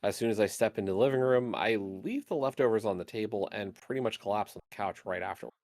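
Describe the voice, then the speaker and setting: A man streaming a game, reading its narration aloud in a steady, even way. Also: fairly low pitch, quick pace, no echo.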